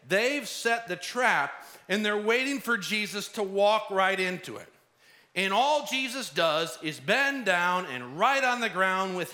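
A middle-aged man preaching a sermon, lively, acting out the voices of the people in the story. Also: high-pitched. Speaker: pastor.

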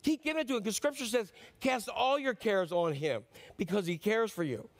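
High-voiced man preaching earnestly. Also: animated, normal speed. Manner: earnest, pleading, rises and drops sharply for emphasis. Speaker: pastor. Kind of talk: sermon.

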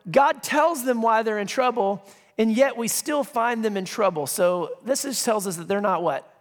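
A man's voice: high-pitched, moderate pace. A male pastor preaching a sermon in a conversational way, reading scripture with emphasis and dropping joking asides. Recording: long reverb of a large hall.

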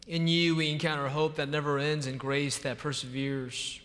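A man's voice: fairly high pitch, level tone, normal speed, fairly bright tone. Man leading prayer in a reverberant church. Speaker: worship leader. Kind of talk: spoken prayer.

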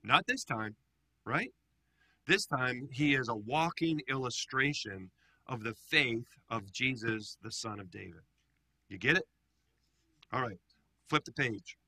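A man, a pastor leading a Bible study, teaching in a lively, animated way and often putting questions to his group. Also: mid-range voice, unhurried, pauses often, husky, dry recording.

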